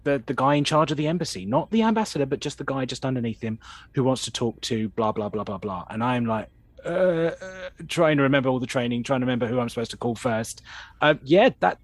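A man talks through a TV episode with a mid-pitched voice. His sound is dry and close, with no room around it. He chats and slips into personal anecdotes. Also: fast talker, dry recording. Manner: chatty storyteller with anecdotes. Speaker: podcast co-host. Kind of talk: casual chat reviewing an episode.

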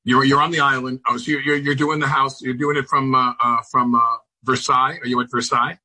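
A man on a video call from home, chatting as a talk show guest, halting and restarting often, with dry sardonic humor. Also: mid-range voice, flat delivery, bright, forceful tone, husky, poor audio. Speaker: celebrity guest. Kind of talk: casual interview chat. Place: home on Long Island.

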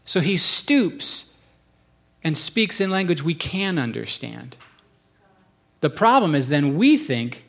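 A man hosting a casual, earnest chat, telling stories in an animated way and slipping into quick acted asides. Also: a little high. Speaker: podcast host.

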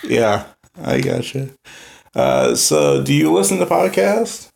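A man's voice: fairly high pitch, huge pitch swings, slow pace, creaky, darkish tone. A man hosting an interview podcast, asking easygoing questions with lots of fillers. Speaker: podcast host. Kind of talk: casual interview chat.

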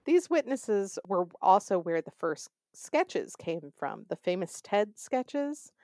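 A woman's voice: medium pitch, mellow, no room sound, clean studio sound. Sarcastic young woman telling true crime. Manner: sarcastic, conversational storytelling. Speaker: podcast host. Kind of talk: true crime podcast narration.

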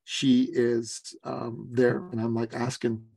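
A man in his forties, a business coach telling a story as a podcast guest, lively and acting out other people's lines. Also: medium pitch, takes it slowly, gravelly, no room sound. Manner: lively storyteller who acts out quoted voices.

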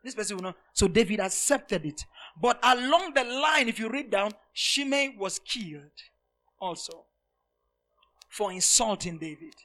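High, bright-voiced man preaching emphatically. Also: expressive, measured pace. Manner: emphatic preaching, swinging from loud shouts to hushed asides; repeats phrases for emphasis. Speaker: pastor. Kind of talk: sermon.

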